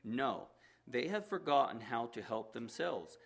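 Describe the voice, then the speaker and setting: A man voicing an elderly, patient king in a read-aloud parable, speaking in a measured, gently stern way. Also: mid-range voice, lively intonation, creaky, voice pushed up, exaggerated voice. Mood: calm. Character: elderly wise male king, patient and calm.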